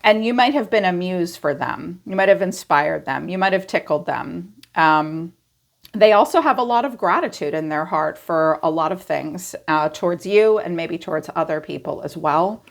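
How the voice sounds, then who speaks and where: A congested woman with a raspy voice, giving a casual tarot reading and musing aloud as she clears her throat now and then. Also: lowish voice, animated, moderate pace. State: congested from allergies. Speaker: tarot reader.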